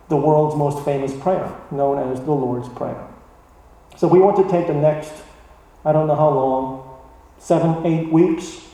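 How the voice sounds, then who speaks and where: Male pastor, sermon delivery, mellow and fairly high, echoey church hall with a distant mic. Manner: animated, voice rising for emphasis.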